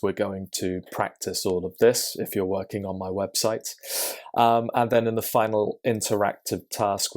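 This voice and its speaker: A man teaching pronunciation, explaining patiently and checking in often. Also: fairly low pitch. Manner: patient, explanatory, with frequent "okay?" check-ins. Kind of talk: explanatory lesson.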